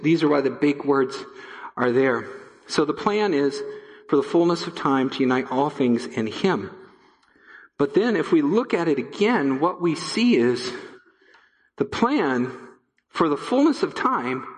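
A male pastor delivers a sermon with a fairly high voice that rings out in a big, echoing sanctuary. He presses on key phrases by repeating them, then sinks into a low, hushed tone. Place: church sanctuary.

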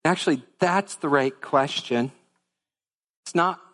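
A man's voice: fairly high pitch, slow pace, a bit bright, big-room sound. A man preaching a sermon as pastor, earnest and conversational, speaking directly to his congregation. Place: church sanctuary.

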